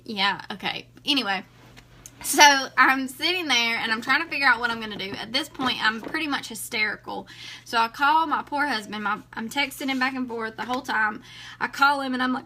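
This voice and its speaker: A woman's voice: a little high, normal speed, slight background noise. A woman, a vlogger telling a story casually to her viewers and acting out the dialogue. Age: 20s. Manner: chatty, animated, acts out dialogue.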